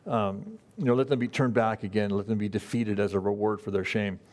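A man preaching a conversational Bible-study sermon as pastor, in a folksy, halting way with frequent fillers and restarts. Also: lowish voice, steady tone, darkish tone.

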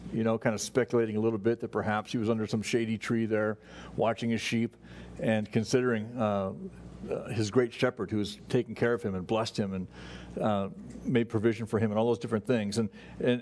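Low-voiced pastor preaching casually. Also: male voice, darkish tone, slight background noise. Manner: conversational, many fillers and restarts. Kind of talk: sermon. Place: church sanctuary.

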